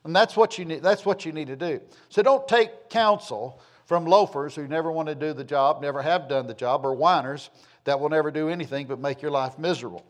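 A man's voice: on the high side, a little fast. A man preaching a sermon, a folksy, rambling storyteller who repeats phrases for emphasis. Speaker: pastor.

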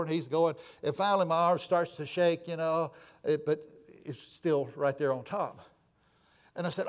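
A man preaching a folksy sermon, telling anecdotes with lively swings in pitch and loudness. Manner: animated storytelling, jumping in pitch and volume. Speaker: pastor.

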